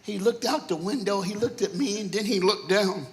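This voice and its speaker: A man preaching in a church, telling comic stories from his childhood with lively, punchy delivery and acting out family members. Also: high-pitched, moderate pace. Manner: animated, punchy storyteller who acts out family characters. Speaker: guest preacher. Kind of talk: comedic storytelling sermon. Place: church auditorium stage.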